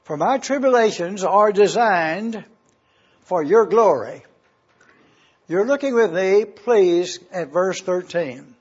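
A high-voiced man delivers a Bible teaching at an unhurried, deliberate pace, stopping to spell out Greek words letter by letter. His voice is a little husky, and the recording sounds dull and lo-fi. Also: a little mellow.

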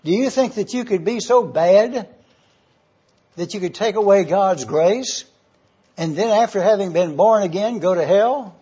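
A man teaches a sermon in a high, husky voice. He is emphatic and repeats his key points, spelling out terms letter by letter. The recording is dull and lo-fi. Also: unhurried, dark tone. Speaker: Bible teacher. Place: church or classroom with overhead projector.

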